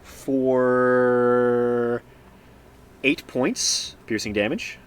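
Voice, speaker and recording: A man at mid pitch narrates a tabletop battle at an unhurried pace. He is relaxed, often pausing on fillers and breaking into small laughs. He speaks into a streaming microphone. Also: slight background noise. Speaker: game master.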